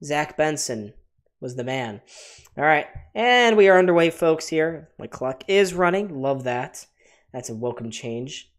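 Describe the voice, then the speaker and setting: A man's voice: on the high side, expressive, measured pace. Chatty man calling live hockey play-by-play. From Buffalo area, USA. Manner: chatty, talks to his chat as "folks". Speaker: livestream host. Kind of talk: live play-by-play reaction commentary.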